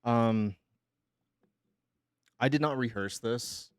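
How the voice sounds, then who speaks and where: Sick streamer guy talking slow and halting, choking back tears, dry close mic. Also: medium pitch, clear, resonant tone, dry recording. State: sick with pneumonia. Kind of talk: emotional live-stream announcement.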